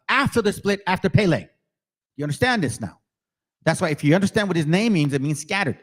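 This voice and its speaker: Very animated and quick-paced, a man with a high-sitting voice runs his own channel. He spars with viewers through mocking, confrontational religious commentary and reads passages aloud between remarks.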